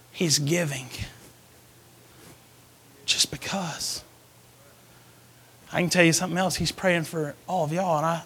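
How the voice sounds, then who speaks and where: A man preaching a sermon as associate pastor, swinging between hushed whispers and loud emphatic calls. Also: on the high side. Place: church sanctuary.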